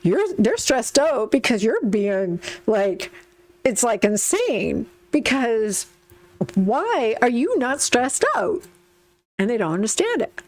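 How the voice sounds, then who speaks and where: A woman's voice: a little high, very animated, takes it slowly, a little mellow, no echo. Chatty woman reading tarot cards. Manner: chatty, repeats herself, acts out quotes. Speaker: tarot reader.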